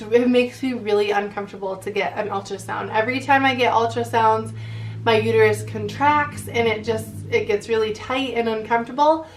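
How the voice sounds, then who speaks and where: A woman with a slightly high voice talks to camera in a casual, chatty vlog style, filling her sentences with "like." She sounds a little short of breath as she keeps talking. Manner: chatty, lots of "like" fillers. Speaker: vlogger.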